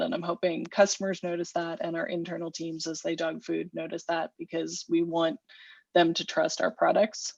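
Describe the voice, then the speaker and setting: Woman, engineering manager, gravelly, deliberate, dull lo-fi audio. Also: lowish voice, darkish tone, no room sound. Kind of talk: work video-call meeting.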